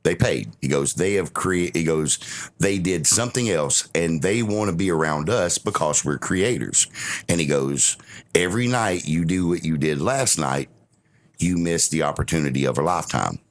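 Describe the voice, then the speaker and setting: A man with a very deep, low voice tells a long story on a casual podcast. He rambles through his anecdote and quotes other people without changing his voice. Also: lively intonation, normal speed. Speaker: podcast guest of honor.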